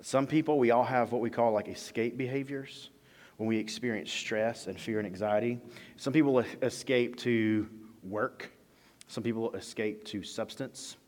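Conversational man preaching in a reverberant hall. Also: on the low side. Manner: conversational, with playful mock quotes of dialogue. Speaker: pastor. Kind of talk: sermon. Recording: long reverb of a large hall.

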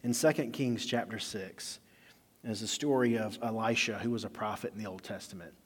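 A man's voice: fairly low pitch, moderate pace, husky. Casual-talking preacher man in a reverberant hall. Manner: conversational, acts out scenes with casual slang voices. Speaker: pastor. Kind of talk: sermon.

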